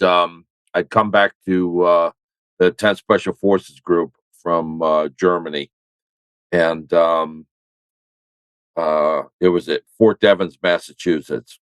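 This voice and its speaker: An older man with a fairly low voice tells a meandering war story, doubling back on his words with dry humor. His voice sounds close and dry, with no room around it. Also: smooth, no echo, rough recording. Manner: rambling, self-correcting, wry. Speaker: military veteran guest. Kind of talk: conversational storytelling.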